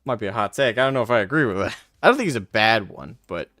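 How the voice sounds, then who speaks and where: A man's voice: lowish voice, animated, fast talker, a bit bright, no room sound, clean studio sound. A young man chatting casually on a live stream, reading and answering chat with frequent laughs and casual swearing. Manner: laughs often, self-deprecating, swears casually.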